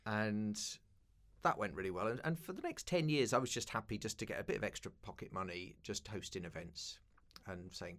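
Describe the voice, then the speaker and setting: Brief: London man, fifties, low-ish voice, wry self-deprecating storyteller in a chat interview. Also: fairly quick, a bit bright. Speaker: guest, broadcaster and keynote speaker.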